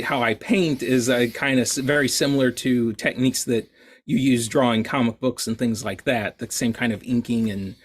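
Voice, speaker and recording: A man's voice: mid-range voice, husky. A man being interviewed on a podcast, talking about his art in a rambling, self-deprecating way, with many restarts. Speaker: guest artist.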